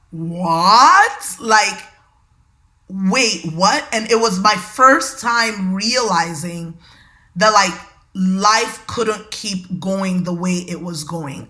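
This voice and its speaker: Animated bright-voiced woman telling a story. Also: mid-range voice. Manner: animated, conversational, addresses listeners as y'all. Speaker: podcast host. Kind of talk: personal storytelling to listeners.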